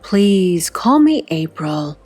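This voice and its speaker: A woman's voice: lowish voice, sing-song, slow, darkish tone, faint music behind, heavily acted. A woman voicing a polite, well-spoken wealthy woman with a posh accent, read as a storybook character. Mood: gracious.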